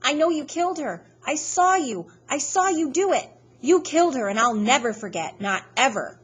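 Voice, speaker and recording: A woman voicing a frightened teenage boy who shouts and pleads at his father. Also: big pitch swings, slow pace, husky, heavily acted. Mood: screaming, desperate. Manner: desperate high-pitched shouting.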